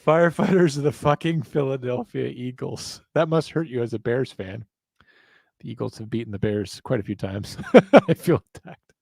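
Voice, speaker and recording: A male host in a loose live chat, rambling and poking fun at himself with frequent laughs. His voice sits at a middle pitch, recorded dry and close. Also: moderate pace, vocal fry, a little mellow, no echo. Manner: rambling, self-mocking, laughs often. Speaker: show host.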